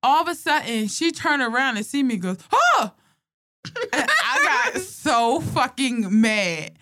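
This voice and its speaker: A woman's voice: high voice, measured pace, dry recording. Young woman swapping stories, voice jumps all over, laughs a lot, dry close sound. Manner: animated, laughing, profane storytelling. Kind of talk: casual storytelling chat.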